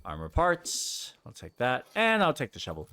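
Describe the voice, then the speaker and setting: A man's voice: medium pitch, wildly swooping pitch, moderate pace, bright, forceful tone, faint music behind. A man giving casual, rambling commentary while playing a game. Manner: chatty, rambling, reacts aloud to the game. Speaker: gameplay streamer. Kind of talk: casual commentary over gameplay.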